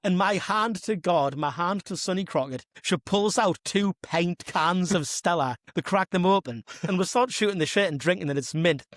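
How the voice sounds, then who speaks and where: Brief: higher-pitched English man, podcast co-host, sweary storyteller, dry close mic. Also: normal speed, hardly any pauses, a bit bright, no room sound. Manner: swears freely, riffs in absurd tangents. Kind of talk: casual comedic podcast chat.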